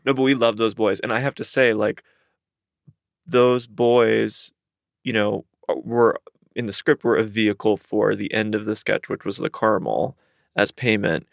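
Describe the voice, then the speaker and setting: A man comedian chatting in an interview, relaxed and rambling with frequent restarts. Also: on the low side, moderate pace, gravelly, no room sound, clean studio sound. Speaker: comedian, sketch co-creator. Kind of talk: casual interview chat.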